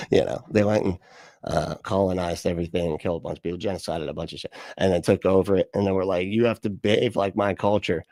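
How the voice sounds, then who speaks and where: A man's voice: sits low, steady tone, fast, creaky, mellow, no room sound. Man, livestream reaction host, sarcastic and profane, rambling with fillers, dry close sound. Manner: sarcastic, profane, exasperated rants with many fillers. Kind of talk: casual reaction commentary.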